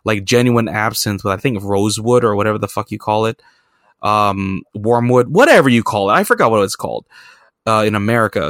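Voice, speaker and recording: A man's voice: on the low side, animated, a little fast, a bit bright, no room sound, clean studio sound. A man hosting a podcast, telling travel stories in a rambling, profane, self-mocking way. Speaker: podcast host. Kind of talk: casual storytelling chat.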